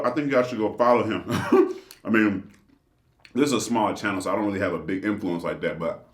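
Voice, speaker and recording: A man hosting a casual vlog, chatting upbeat to his viewers while eating. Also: mid-range voice. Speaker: channel host. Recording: roomy echo.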